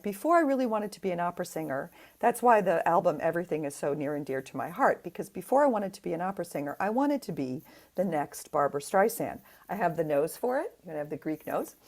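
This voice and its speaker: Middle-aged american woman chatting, lively swoopy voice, tells stories with gusto. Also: medium pitch. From United States. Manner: animated storyteller, acts out voices in anecdotes. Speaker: guest, opera singer. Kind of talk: casual interview chat.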